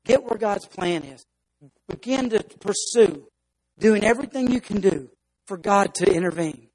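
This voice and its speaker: A man's voice: high voice, animated, moderate pace, darkish tone, slight background noise, low-quality recording. A man preaching a sermon as pastor, speaking emphatically and acting out stories for his congregation.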